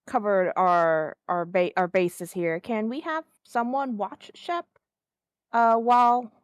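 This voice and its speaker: A woman's voice: mid-range voice, slow, clear, resonant tone, no echo, studio quality. A woman playing a tabletop game, hesitant and careful as she talks. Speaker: player. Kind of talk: tabletop role-play chat.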